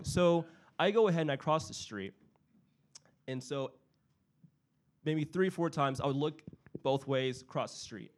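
A young man telling a personal story in casual chat, animated and full of fillers, acting out family members' voices. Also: a little high, a little slow, long pauses.

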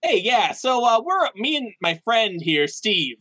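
A man improvising as a player in a tabletop role-play over a call, excitable, playful and rambling. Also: high-pitched, measured pace, no room sound.

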